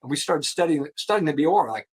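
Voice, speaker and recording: A man in his thirties telling his career story in a casual interview, slangy and animated, swearing now and then and saying "dude" and "like" a lot. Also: a little high, quick pace, slightly rough. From US East Coast. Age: 30s. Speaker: insurance producer, guest.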